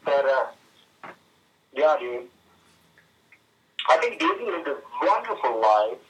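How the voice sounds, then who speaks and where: Halting man on a tinny speakerphone. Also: mid-range voice, big pitch swings, fairly bright tone, distant mic. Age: 30s. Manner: halting, many fillers and restarts. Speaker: friend calling in. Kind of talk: casual phone conversation.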